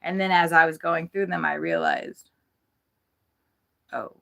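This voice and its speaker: A woman chatting casually on a livestream from inside her RV, frazzled and swearing often, talking in quick, scattered bursts. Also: low voice, big pitch swings, gravelly, sharp tone.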